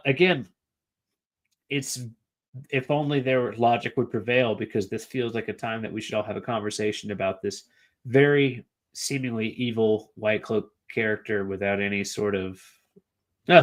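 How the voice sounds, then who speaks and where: A man's voice: lowish voice, normal speed. A man co-hosting a book podcast, talking casually with rambling, profane asides and lots of filler words. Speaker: podcast co-host. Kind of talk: casual chat about a book.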